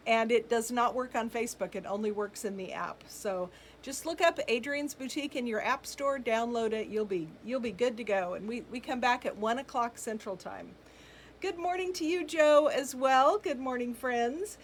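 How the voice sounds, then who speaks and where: Running a boutique live sale, a middle-aged woman talks at normal speed in a slightly high voice, welcoming viewers by name and reading out their comments with lots of ums and laughter. Faint background noise can be heard.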